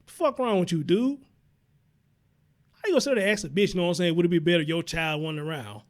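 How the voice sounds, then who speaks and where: He talks fast in a high, lively voice, hosting a live-stream commentary show. Greeting the audience, this talk show host is blunt, fired up, and constantly swearing.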